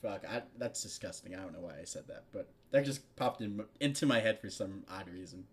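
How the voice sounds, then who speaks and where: A young man reading a fan story aloud in a loose, casual way, with a slightly low voice. He keeps breaking off with crude asides and plenty of swearing. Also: lively intonation, brisk. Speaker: fan fiction reader.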